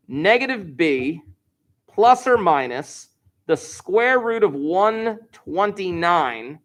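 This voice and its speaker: Recording a math lesson in a high voice, a middle-aged man guides students step by step. His teaching style is playful and animated.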